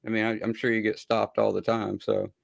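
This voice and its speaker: A man hosting a laid-back stream, talking loosely with swearing and frequent laughs, with a gravelly voice. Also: lowish voice, level tone, fairly quick, no echo. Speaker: stream host. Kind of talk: casual laid-back chat.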